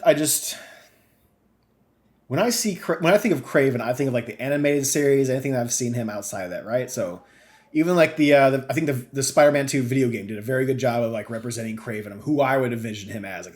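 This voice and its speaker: Swearing, rambling podcast co-host man. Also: medium pitch. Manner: animated, swears freely, rambling with fillers. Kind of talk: casual chat.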